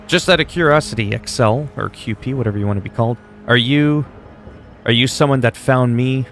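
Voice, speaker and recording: A man's voice: medium pitch, brisk, fairly bright tone, soft background music. A man livestreaming and chatting casually while gaming, opinionated and rambling, swearing freely.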